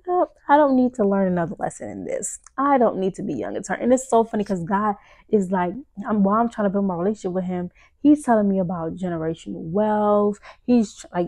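A young woman tells her story to podcast listeners in a warm, gravelly voice. Her delivery is loose and conversational, full of "like" and "y'all," as she acts out her own remembered words. The sound is close and dry, with no room echo. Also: mid-range voice. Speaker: podcast host. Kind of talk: casual testimony to listeners.

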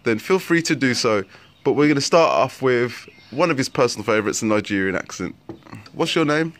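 A man's voice: medium pitch, expressive, fairly quick, a bit bright. A young man hosting a casual vlog outdoors on a veranda, talking hesitantly and stopping to clarify what he means. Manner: hesitant, keeps adding clarifications. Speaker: vlog host filming a child.

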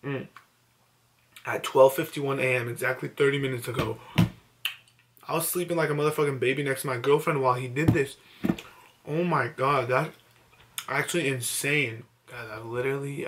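A man's voice: mid-range voice, fairly even intonation, moderate pace, pauses often, fairly bright tone, a little hiss or hum. Stunned, teary young man vlogging late at night. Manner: overwhelmed, emotional, breathless disbelief. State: teary, just woken up. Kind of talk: late-night excited selfie vlog. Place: indoors at home at night.

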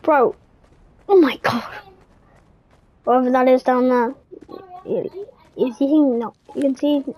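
A woman's voice: sits high, slow pace, long pauses, dull audio. A woman gamer giving casual commentary on a horror game, full of jumpy, startled exclamations.

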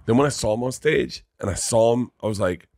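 A man in his forties, a comedian guest, chatting casually and excitedly, swearing and laughing often. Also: mid-range voice, a little fast, vocal fry, no echo, studio quality. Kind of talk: casual chat.

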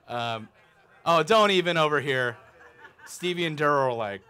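A pastor in his thirties preaches a sermon in a church, animated and conversational, often putting questions to the congregation. His voice is fairly high in pitch and moves at a moderate pace.

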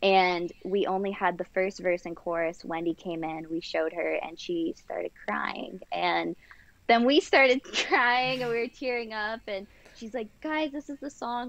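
Gravelly low-voiced woman singer. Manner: enthusiastic storyteller, gushing. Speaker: band singer, guest. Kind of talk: casual interview chat. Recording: dull lo-fi sound.

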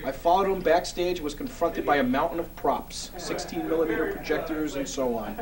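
A man with a slightly high voice hosts a comedy book segment, eager and showy in his delivery. He sounds a little back from the mic. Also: fast, hardly any pauses, a little mellow, distant mic. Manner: eager, showy, exasperated with partner. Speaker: segment host. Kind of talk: comedy sketch, hosting and reading aloud.

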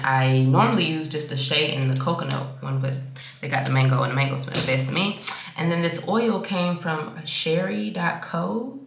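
A woman chatting casually to her viewers in a hotel room vlog, frank and profane, calling them y'all and friend. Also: sits low. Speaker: vlogger. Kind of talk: casual vlog chat to camera.

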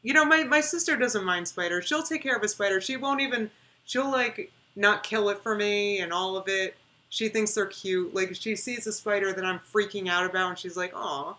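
Bright-voiced chatty woman streamer. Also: mid-range voice, fairly quick. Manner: chatty and emphatic, repeating words for stress. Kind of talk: casual reaction livestream chat.

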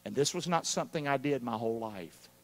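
A man preaching a live sermon, calling out for responses from the congregation and swinging between loud and hushed. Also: medium pitch, expressive, a little fast. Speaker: pastor. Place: church sanctuary during a live service. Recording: long hall reverb of a church.

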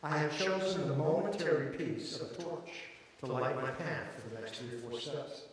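A middle-aged man preaching a sermon as a pastor, telling stories dramatically and swinging from hushed passages to shouted peaks. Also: on the high side, expressive, moderate pace. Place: large church auditorium. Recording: echoey hall from far off with crowd.

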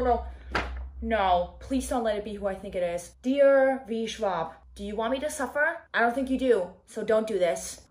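A woman's voice: fairly high pitch, animated, moderate pace, a little mellow. A woman talking casually in a reading vlog, giving dramatic, exclaiming reactions as she reads. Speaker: book vlogger.

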